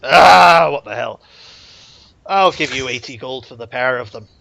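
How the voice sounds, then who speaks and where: A man's voice: medium pitch, unhurried, creaky, a bit bright, no room sound. A man voicing a shrewd bearded male shopkeeper who haggles hard and won't budge. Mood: haggling. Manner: haggling, dry and stubborn.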